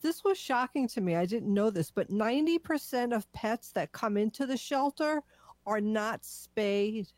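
A woman's voice: fairly high pitch, expressive, a little slow, no echo. A woman co-hosting a radio show, sharing animal shelter facts in a chatty, laughing way. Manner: warm, laughing, informative. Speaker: radio co-host, animal advocate. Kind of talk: casual radio chat.

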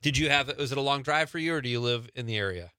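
Bright-voiced chatty male radio host. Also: mid-range voice, fast, clean tone, dry recording, clean studio sound. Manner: chatty, upbeat, asks lots of questions. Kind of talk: casual live radio chat. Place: radio studio.

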